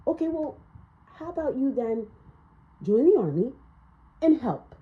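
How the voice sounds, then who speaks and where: A woman's voice: sits high, sing-song, a little slow, long pauses, dull audio. A woman giving a casual spiritual tarot reading in a blunt, ranting manner, swearing freely. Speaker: tarot reader.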